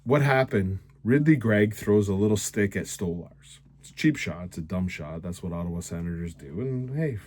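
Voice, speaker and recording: A man's voice: deep voice, expressive, moderate pace, hardly any pauses, a little mellow. A man hosting a casual hockey recap, ranting in a sarcastic, rambling way. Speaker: host.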